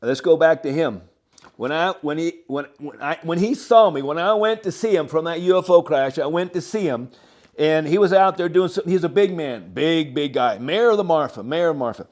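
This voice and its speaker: An older man with a drawl tells a winding story in a notably high voice. He talks in an animated, halting way and keeps stopping to chuckle. He is the guest in an interview. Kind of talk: rambling storytelling.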